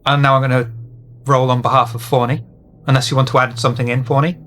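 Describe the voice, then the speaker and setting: A man's voice: medium pitch, little pitch movement, quick pace, fairly bright tone, slight background noise. A man running a tabletop role-playing game, narrating and joking casually with players. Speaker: game master.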